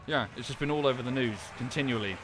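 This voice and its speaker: A man from the UK talks at a quick clip in a mid-range voice, streaming gameplay over background music. He chats casually and rambles, cursing often and interrupting himself.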